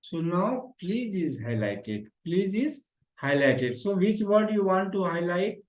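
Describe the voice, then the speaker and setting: A man's voice: high-pitched, big pitch swings, takes it slowly, darkish tone, reverberant, low-quality recording. A man teaching a beginner HTML lesson, repeating phrases and calling the class "guy". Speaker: programming teacher. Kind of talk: screen-share coding lesson.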